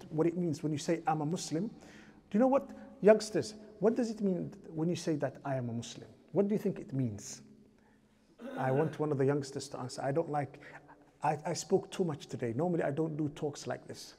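A man's voice: on the high side, mellow, slight background noise. A man giving a mosque lecture as imam, asking the audience rhetorical questions and chanting scriptural verses in a raised voice.

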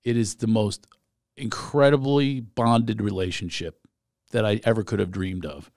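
A man's voice: fairly low pitch, steady tone, a little slow, darkish tone, dry recording, clean studio sound. Chatty middle-aged man hosting a podcast. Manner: chatty, teasing interviewer who jumps in. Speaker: podcast host, comedian. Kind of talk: casual podcast conversation.

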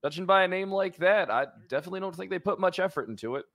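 A man's voice: high voice, expressive, rapid-fire, a bit bright. A man in a role-play game, teasing the others with sarcastic quips. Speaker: fellow role-play player.

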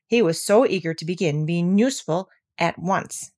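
Lady reading a kids' story aloud, calm steady storytelling voice. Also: fairly low pitch, normal speed. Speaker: storybook narrator. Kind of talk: children's story read aloud.

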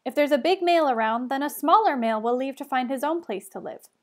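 A booming, excitable adventurer bursts with slangy cheer, as a woman reading a storybook puts him on. The voice sits high and carries loud. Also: fast talker. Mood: explaining.

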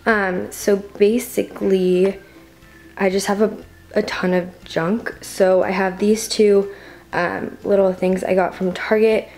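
A woman's voice: medium pitch, flat delivery, slow, a little mellow, soft background music. A teenage girl giving a rambling, filler-heavy room-tour vlog to a handheld camera in her bedroom. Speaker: vlogger.

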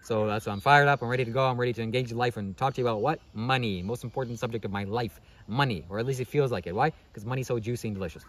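A man rattles through a rambling motivational monologue at high speed. He keeps asking himself questions and answering them, and tags most points with "okay?". His pitch sits in the middle range. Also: a bit bright. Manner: fast-talking, rhetorical questions, frequent "okay?". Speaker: spiritual vlogger.

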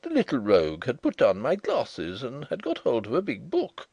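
A man's voice: huge pitch swings, moderate pace, creaky, darkish tone, slightly rough, dry recording, exaggerated voice. A man reading the part of a fussy, anxious male bank manager who stammers when upset. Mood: flustered. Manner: agitated, stammering, high-strung.

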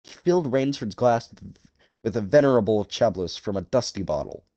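A man reading a story as narrator, in a measured, dramatic way. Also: on the low side, lively intonation, warm tone, no echo, dull audio. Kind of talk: scripted audiobook narration.

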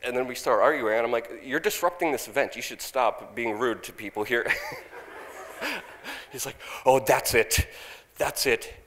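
A young man on stage, animatedly telling a story and loudly acting out his own past lines, with laughs in between. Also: mid-range voice, normal speed, a little hiss or hum. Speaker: speaker at a conference. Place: large conference hall. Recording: long hall reverb.

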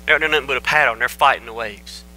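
Speaking very fast into a microphone in a church sanctuary, a pastor delivers a relaxed, folksy sermon, cracking jokes and telling his story conversationally to the congregation. His mid-range voice rings out very brightly, though the audio is poor.

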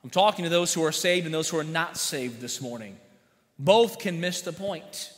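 A man's voice: fairly high pitch, normal speed, a bit bright. A man preaching a sermon as pastor, folksy, telling jokes and asking the congregation questions. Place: church sanctuary. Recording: long church hall reverb.

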